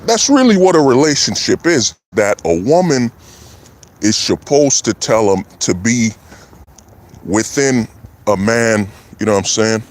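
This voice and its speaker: A man's voice: medium pitch, big pitch swings, a little slow. Opinionated man ranting on a livestream. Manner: preachy, repetitive, keeps asking "you know what I'm saying". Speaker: livestream host. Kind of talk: opinionated casual monologue.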